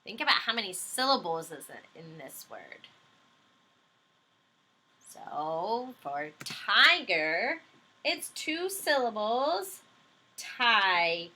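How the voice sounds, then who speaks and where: A woman's voice: a little high, sing-song, takes it slowly, pauses often, bright, forceful tone, breathy edge. A woman teacher leading a phonics lesson for young children, patient and encouraging, stretching out words and letters as she spells them.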